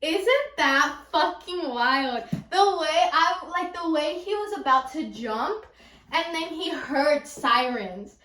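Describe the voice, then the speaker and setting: High-voiced Californian girl gushing about books. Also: animated, slow, pushed and bright. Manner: gushing, rambling, lots of "like" and "um". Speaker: book vlogger. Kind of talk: casual book review chat. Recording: echoey room, a little far from the mic.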